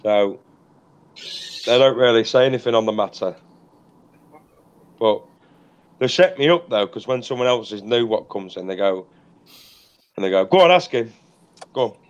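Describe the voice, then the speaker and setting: A man's voice: fairly low pitch, moderate pace, long pauses, dull audio. A man hosting a livestream, telling crude, sweary stories in casual group chat. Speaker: livestream host.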